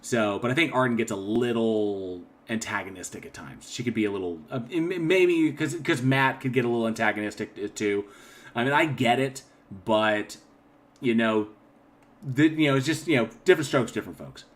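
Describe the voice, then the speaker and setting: A man hosting a casual livestream, reading chat comments aloud and rambling with frequent throat clearing and restarts. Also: medium pitch, moderate pace. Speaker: channel host.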